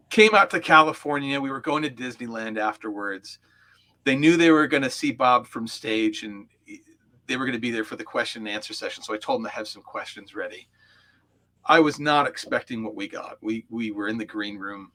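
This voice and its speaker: A man's voice: medium pitch, fairly quick, sharp tone. A man, a coach, recounting personal memories as an interview guest, heartfelt and reflective, with frequent fillers. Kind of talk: storytelling in an interview.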